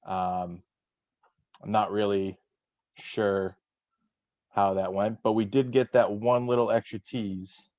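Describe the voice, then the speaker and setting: Man, low voice, dry close sound, casual host, lots of ums and restarts. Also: flat delivery, takes it slowly, pauses often, darkish tone, no room sound, muffled recording. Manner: rambling, many fillers and restarts. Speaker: podcast host. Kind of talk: casual chat.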